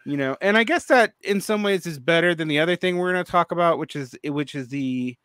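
A man in his forties hosts a podcast in casual conversation, rambling, restarting often, and using many fillers. His voice sits on the high side and is expressive and brisk, with a fairly bright, smooth tone. The recording is studio quality with no echo.

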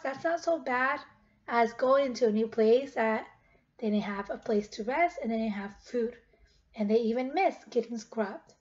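A woman reading a picture book aloud to children, stopping often to ask them gentle questions. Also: high-pitched, highs cut off.

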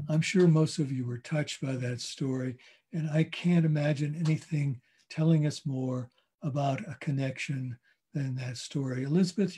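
Soft-spoken older man reading aloud. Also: medium pitch, husky. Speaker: host reading a story aloud.

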